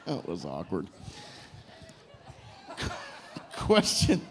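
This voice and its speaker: A man hosting a live couples game show on a cruise ship stage. His voice sits fairly high and leaps around with energy as he jokes, teases the players and calls on the audience to cheer. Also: sing-song, a little slow, long pauses, noisy background. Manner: joking, teasing, hypes the crowd.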